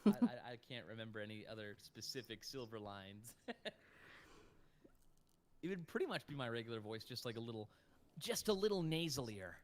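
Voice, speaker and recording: A man's voice: mid-range voice, big pitch swings, fairly quick. A man who works as a voice actor, chatting casually on a livestream, swearing now and then and laughing often. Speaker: voice actor guest.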